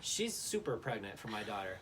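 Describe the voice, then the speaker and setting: A man's voice: on the low side, sing-song, fairly quick, fairly bright tone. Chatty man telling stories live. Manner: storytelling, chatty and earnest. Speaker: co-host. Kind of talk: casual live Q&A chat. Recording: faint background noise.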